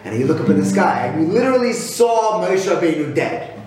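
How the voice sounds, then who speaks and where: Animated man giving a Torah talk, very echoey. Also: on the high side, brisk. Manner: animated, rhetorical questions, frequent restarts. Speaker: Torah speaker. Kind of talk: weekly Torah talk with a story. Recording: very echoey room with loud guitar music.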